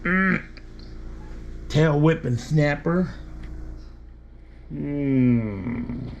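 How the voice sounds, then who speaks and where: Slow, gravelly man teasing his cat. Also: on the high side, lively intonation, a little mellow. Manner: teasing, affectionate, talks to the cat. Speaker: cat owner filming his pet. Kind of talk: casual home video talk to a pet. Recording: dull lo-fi home recording, faint background noise.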